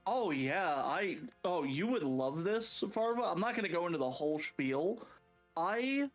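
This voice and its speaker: A man's voice: sits high, expressive, unhurried, soft background music. A man chatting casually as a guest, stumbling over restarts, laughing often and swearing. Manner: stammering restarts, laughing, profane. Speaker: guest streamer. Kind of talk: casual chat.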